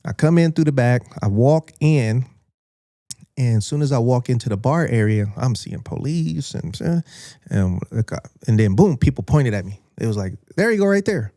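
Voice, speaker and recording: Podcast host, American man, mellow low voice, dry close sound, animated profane storyteller who acts out quotes. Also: moderate pace, dry recording. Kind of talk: casual storytelling.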